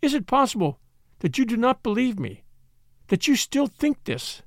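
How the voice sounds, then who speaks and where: A man's voice: high-pitched, sing-song, normal speed, dry recording, studio quality. A man voicing a distraught young noblewoman in an audiobook, pleading and tremulous. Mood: anguished. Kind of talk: audiobook character reading.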